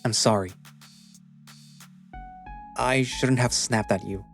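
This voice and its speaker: A man's voice: medium pitch, steady tone, takes it slowly, creaky. A man voicing Tom, a troubled young man who answers curtly and defensively, in a visual novel reading with faint music behind. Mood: confessing, bitter. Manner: curt, defensive, swearing. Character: guarded, troubled young man holding back tears.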